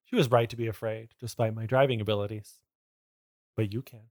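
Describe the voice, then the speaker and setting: A man's voice: lowish voice, steady tone, a little fast, darkish tone, no room sound, studio quality. A man co-hosting a comedy podcast, reading a book aloud with sardonic asides and frequent laughter. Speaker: podcast co-host.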